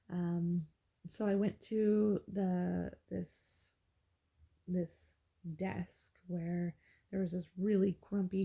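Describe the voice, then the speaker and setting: Gravelly woman recounting a dream. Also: mid-range voice. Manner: rambling and animated, with laughs and restarts. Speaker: vlogger. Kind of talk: casual dream-journal retelling.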